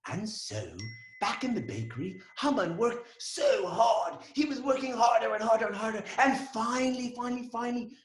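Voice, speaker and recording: A teacher spins a children's story with lots of drama, piling up repeated phrases for suspense. The pitch jumps about constantly. The sound is roomy, with a clear echo around the voice. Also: normal speed. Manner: animated, dramatic, repeating for effect.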